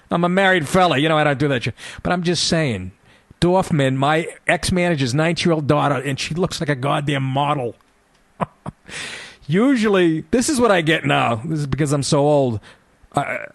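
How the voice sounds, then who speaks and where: A man's voice: on the high side, no room sound. Dry-voiced middle-aged man telling rambling stories. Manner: rambling, profane, laughing through his anecdotes. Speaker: radio show talker. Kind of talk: casual storytelling on talk radio.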